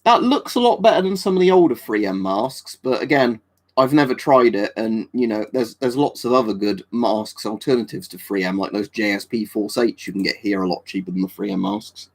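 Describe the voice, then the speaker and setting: A man's voice: on the low side, fairly quick. An English man hosting a live stream, chatting casually and answering viewer comments in a rambling, offhand way. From England. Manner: rambling and offhand, with many fillers and restarts. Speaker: livestream host.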